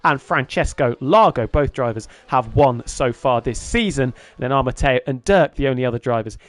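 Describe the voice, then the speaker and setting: A man giving lead commentary on an online sim racing qualifying session, lively as he calls the lap times. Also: medium pitch, normal speed, no room sound. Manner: lively, builds excitement over lap times.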